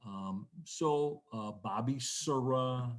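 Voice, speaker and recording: A man telling rambling, animated stories as a podcast guest, with frequent restarts. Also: mid-range voice, extremely slow. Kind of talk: casual storytelling.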